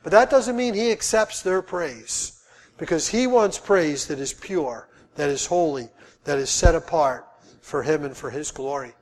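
A middle-aged male preacher with a high-pitched voice delivers a sermon. He talks emphatically and repeats key phrases to drive his points home. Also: lively intonation, unhurried.

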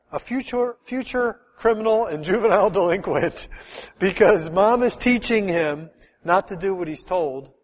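A middle-aged man, a pastor, preaching a sermon in a lively, conversational way full of rhetorical questions. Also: high-pitched, big-room sound.

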